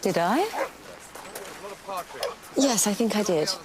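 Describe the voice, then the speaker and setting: An actress playing a poised young aristocratic lady in a period drama, dry and crisp. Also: mid-range voice, expressive, slow, a loud crowd. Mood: cool.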